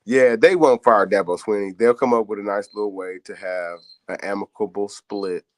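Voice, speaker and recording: A man's voice: on the low side, normal speed, dry recording. A man co-hosting a sports radio talk show, bantering and joking playfully with his partner.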